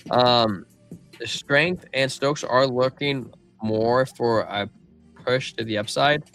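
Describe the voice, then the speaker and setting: A man's voice: mid-range voice, fairly even intonation, takes it slowly, gravelly, fairly bright tone, smooth, soft background music. A man hosting a live crypto stream, talking through price charts and reading viewers' chat in a casual, slangy way. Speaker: crypto livestream host.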